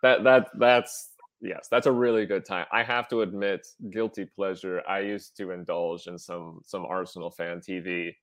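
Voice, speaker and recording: Deep-voiced male podcast co-host. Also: dry recording. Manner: halting, many fillers, relaxed. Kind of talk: casual podcast chat.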